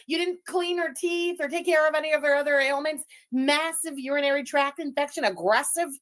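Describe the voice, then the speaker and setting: A woman with a high voice, French her first language, hosting a live commentary stream. She talks in a casual, profane and openly mocking way, scoffing at what she reacts to. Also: normal speed.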